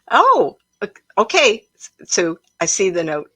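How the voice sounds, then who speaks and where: A woman with a mid-range, sharp voice and a breathy edge hosts a psychic live stream, recorded dry. Chatty and emotional, she tells stories and addresses her viewers directly, all at home with a cat leaping about.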